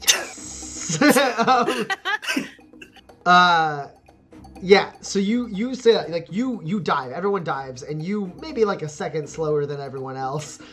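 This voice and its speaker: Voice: medium pitch, lively intonation, takes it slowly, a bit bright, soft background music. A game master narrating a tabletop game in a loose, rambling way, full of fillers and laughter.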